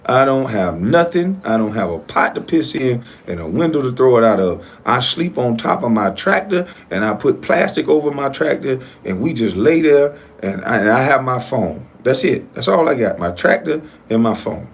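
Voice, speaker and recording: Husky guy going off on his channel, pitch jumping all over, cussing and combative. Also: sing-song, normal speed, hardly any pauses. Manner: profane, combative, swings between loud and low. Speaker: YouTube show host. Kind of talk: heated ranting monologue.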